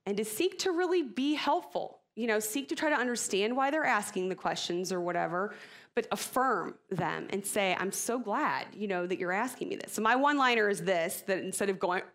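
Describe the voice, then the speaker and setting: Expressive, chatty woman at a parenting talk. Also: medium pitch, a little fast. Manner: expressive, chatty, laughs at herself, many fillers. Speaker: speaker at a church parenting talk. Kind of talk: casual church talk to parents.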